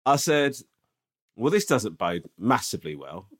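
A man with a lively, bouncing pitch, recounting an anecdote in loose, profane podcast chat. He keeps checking in with his listener as he talks. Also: unhurried. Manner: animated, swearing, tag questions. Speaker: podcast co-host. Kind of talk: casual storytelling chat.

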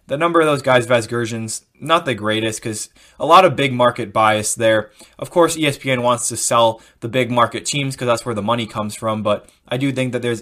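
A man's voice: medium pitch, a bit bright. A man hosting a casual sports podcast, giving opinionated commentary that rambles and restarts itself. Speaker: podcast host.

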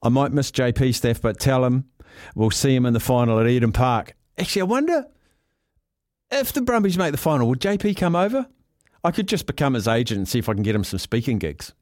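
Upbeat New Zealand radio host, dry studio sound. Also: male voice, mid-range voice, very animated, brisk, a little mellow, no echo. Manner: jokey, upbeat, reads listener texts. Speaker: radio talk show host. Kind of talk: casual sports talk radio chat. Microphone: studio mic.

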